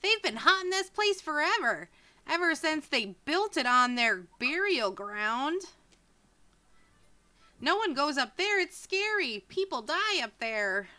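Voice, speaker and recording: A woman voicing an excitable young village boy, speaking in a raised, eager voice. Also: sits high, takes it slowly, voice pushed up, full character voice.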